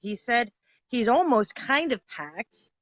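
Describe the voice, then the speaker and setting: A woman's voice: on the high side, big pitch swings, takes it slowly, dry recording, lo-fi sound. A woman hosting a casual live stream, teasing her guest and swearing freely.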